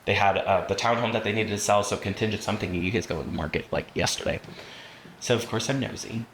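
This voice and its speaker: A man's voice: fairly low pitch, fast talker, a bit bright. A man leading a training class for realtors, telling stories and acting out the voices of the people in them. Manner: storytelling, acts out quoted voices. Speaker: real estate trainer. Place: training room. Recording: roomy room with faint noise.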